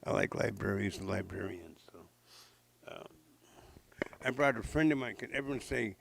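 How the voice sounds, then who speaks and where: With a fairly low, gravelly voice at normal speed, a man in his sixties from the Pacific Northwest tells traditional legends to a live library audience. He's playful and interactive, sprinkling in jokes and questions. The recording is rough.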